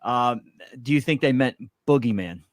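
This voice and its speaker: Male host, average pitch, dead-dry sound, easygoing interviewer who laughs often. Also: moderate pace, fairly bright tone, dry recording. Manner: friendly, laughs along with the guest. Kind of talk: casual interview.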